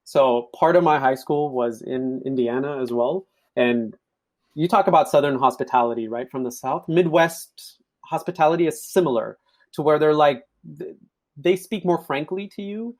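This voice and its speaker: A man's voice: on the high side, moderate pace. A young man from Africa, a podcast guest, chatting casually and telling stories while acting out quoted voices. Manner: animated storyteller, acts out quoted voices. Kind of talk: casual chat.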